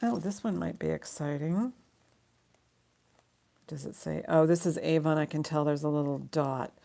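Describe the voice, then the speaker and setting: A middle-aged woman runs a live online jewelry auction in loose, rambling chat, laughing often. Her voice sits low with a gravelly fry. She talks like she is chatting with regulars. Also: moderate pace, dark tone, a little hiss or hum. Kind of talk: casual live-stream selling.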